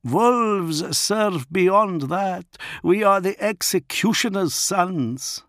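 Man doing a growling warrior pack leader, gravelly, slow, high-pitched. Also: lively intonation, a bit bright, dry recording, clean studio sound, heavily acted. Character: gruff growling male space wolf pack leader.

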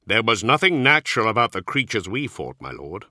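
A man's voice: fairly low pitch, big pitch swings, brisk, bright, forceful tone, no echo, studio quality, exaggerated voice. A man voicing a stiff, loyal soldier-commander who answers formally and bluntly.

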